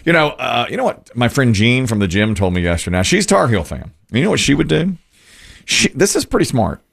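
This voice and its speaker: A man hosting a radio talk show, telling stories in a casual, animated way and acting out the voices of the people in them. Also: medium pitch, brisk, vocal fry. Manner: animated storyteller, acts out voices in quotes. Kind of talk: casual storytelling chat.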